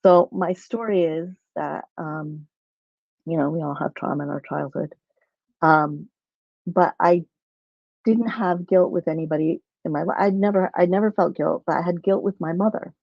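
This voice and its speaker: A woman's voice: on the low side, normal speed, gravelly, no echo, lo-fi sound. A woman telling a personal story in a rambling way, with many restarts, on a video call. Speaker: guest.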